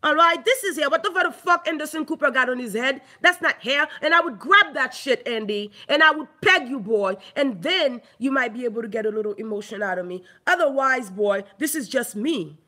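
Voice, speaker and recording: A woman's voice: high-pitched, lively intonation, a little fast, hardly any pauses, bright, forceful tone. A Haitian woman ranting angrily into her own online video, heated, mocking and full of profanity. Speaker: online commentator. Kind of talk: angry ranting vlog.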